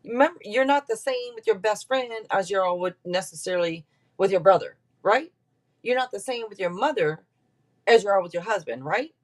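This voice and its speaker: A woman giving a casual tarot reading on a live stream, chatty and quick to laugh as she talks straight to her viewers. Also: mid-range voice, expressive. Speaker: tarot reader.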